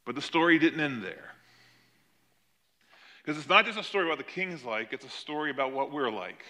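A man preaching a sermon, retelling a parable with animated emphasis. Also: on the high side, fairly quick. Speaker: pastor.

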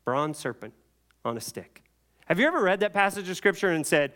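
A man preaching, with a slightly high voice. He tells the story with lots of life, playing the people in it with voices that swing from loud and high to hushed and low. His delivery moves like a storyteller's. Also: a little fast. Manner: animated storytelling, acting out biblical voices. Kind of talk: sermon.

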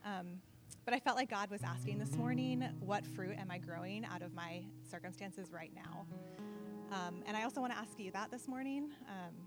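A woman who leads prayer sharing a personal reflection at a church service, gentle and hesitant, with frequent ums. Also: mid-range voice, normal speed, loud music behind the voice. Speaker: prayer leader.

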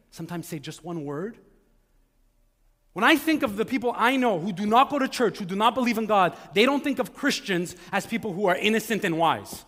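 A high-pitched man preaches to his church, chatty and informal, slipping into the voices of the people he quotes. His voice rings out with the long reverb of a big hall. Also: a bit bright. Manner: conversational, acts out quoted voices. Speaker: pastor. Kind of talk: sermon. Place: church sanctuary.

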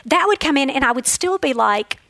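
A woman's voice: high voice, animated, a little fast, fairly bright tone, dry recording, poor audio. A woman giving an earnest, emotional devotional Bible teaching, telling stories from her own life.

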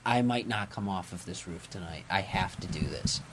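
Man doing a hushed, low young superhero. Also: normal speed, slightly rough. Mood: grim. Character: determined young male superhero.

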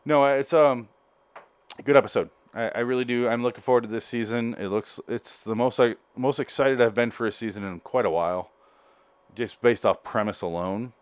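Out of breath, a solo podcast host rambles through a jokey episode review, forever correcting himself. He has a smooth, mid-range voice at a moderate pace, and the recording is dry.

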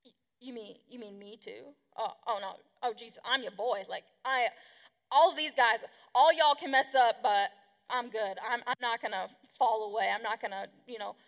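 Lady doing a bold impulsive dude blurting stuff, slangy, raspy-ish, echoey hall. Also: fairly high pitch, normal speed, a bit bright. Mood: sheepish. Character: impulsive young man, bold disciple.

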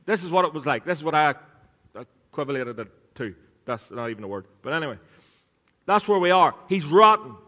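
A man preaches into a microphone in a tone that is a touch high for a man. His delivery is chatty and jokey, with teasing asides to his listeners. The sound carries a long reverb from the church hall around him. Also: animated, fairly quick, pushed and bright. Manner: conversational and joking, with a teasing aside to the congregation. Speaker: pastor. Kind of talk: sermon.

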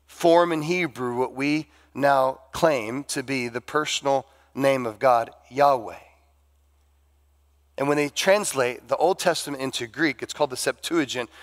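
A man preaching a sermon as pastor, animated and acting out the dialogue of the people in his story. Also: fairly high pitch. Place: church sanctuary.

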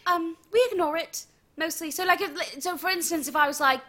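A woman's voice: very high-pitched, normal speed, pushed and bright. A woman co-hosting a comedy show, earnest and cheerful, a little flustered. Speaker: comedy co-host, sketch performer. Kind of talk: improvised comedy banter.

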